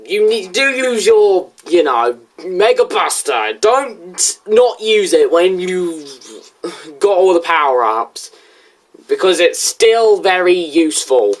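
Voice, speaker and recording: A young video reviewer in casual, rambling commentary, answering a critic with restarts and asides. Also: slow. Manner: rambling, restarts, lively pitch swings.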